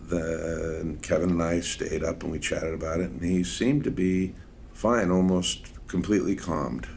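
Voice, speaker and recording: A father giving a personal testimony, recounting events in a calm, measured way. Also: sits low, creaky, slight background noise. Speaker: father of a survivor.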